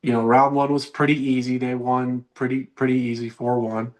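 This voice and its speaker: A man's voice: medium pitch, level tone, normal speed, a little mellow. A young man co-hosting a casual sports podcast, rambling and often restarting his sentences. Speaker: podcast co-host.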